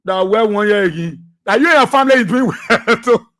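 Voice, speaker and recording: A man's voice: high voice, animated, brisk, fairly bright tone. A man with a Liberian English accent hosting a political radio talk show, laughing often and mocking his rivals, repeating phrases for effect.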